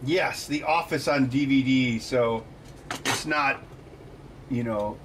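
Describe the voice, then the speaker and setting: A man hosting a relaxed livestream while tinkering with electronics, chatting casually and joking at his own expense. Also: mid-range voice, slow pace, a little hiss or hum. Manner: self-deprecating, jokey, talks to his cat. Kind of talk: casual chat.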